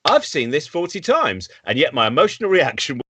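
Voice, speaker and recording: A man's voice: fairly high pitch, very animated, fairly quick, sharp tone, slightly rough, no room sound. A man hosting a casual chat over a video call from home, rambling and enthusiastic. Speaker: host.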